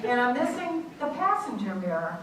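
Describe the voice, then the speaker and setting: An older woman in her eighties performs a one-woman stage monologue with animated storytelling. Her voice sits a bit high. The sound is roomy and distant, with faint background noise. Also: normal speed. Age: 80s. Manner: animated storytelling with dramatic outbursts. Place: theatre stage.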